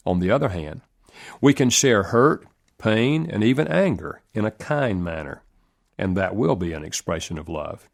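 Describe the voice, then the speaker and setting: A man reading a relationship self-help audiobook in a measured, earnest narration with lively rises in pitch. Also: gravelly.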